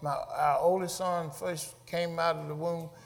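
Middle-aged male pastor, high voice, fervent sermon delivery with call-and-response, reverberant sanctuary. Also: level tone, unhurried, vocal fry. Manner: preaching with rising shouts and call-and-response. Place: church sanctuary.

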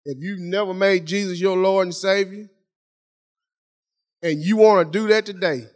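Middle-aged preacher guy, pretty high voice, folksy and chatty, keeps repeating himself to drive it home. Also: steady tone, moderate pace. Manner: folksy, conversational preaching addressing the congregation; repeats phrases for emphasis. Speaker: pastor. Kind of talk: sermon.

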